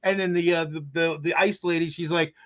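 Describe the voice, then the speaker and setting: A man's voice: fairly high pitch, steady tone, brisk, fairly bright tone. A man in casual group chat, telling a long story with many restarts and fillers. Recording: dull lo-fi sound.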